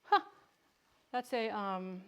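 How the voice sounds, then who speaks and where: A woman's voice: medium pitch, slow pace, a bit bright, clean tone. Chatty woman joking through a canning session. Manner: chatty, joking, self-teasing, talks to viewers by name. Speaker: home canning vlogger. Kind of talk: casual cooking livestream chat.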